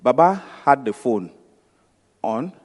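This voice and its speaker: A man's voice: medium pitch, animated, slow pace, a little mellow. A man with a Nigerian accent giving a motivational talk, telling stories and acting out the dialogue with emphatic repetition. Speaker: speaker. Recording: long hall reverb.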